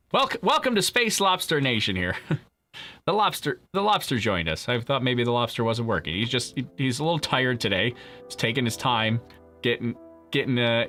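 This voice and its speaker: A man's voice: mid-range voice, sharp tone. A man hosting a live stream, chatting casually with viewers, joking and laughing often. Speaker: livestream host.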